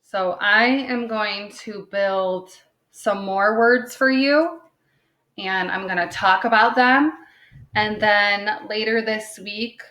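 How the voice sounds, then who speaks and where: In a fairly bright, medium-pitched voice, a woman teaches phonics to young children as their second grade teacher. She patiently sounds out words slowly, taps syllables, and checks in with "okay?" after each point, and the room adds an echo.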